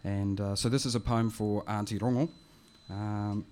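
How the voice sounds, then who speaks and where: A man reading his poetry and introducing it in a quiet, gentle, reflective way. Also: on the low side, fairly even intonation, normal speed. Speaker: poet.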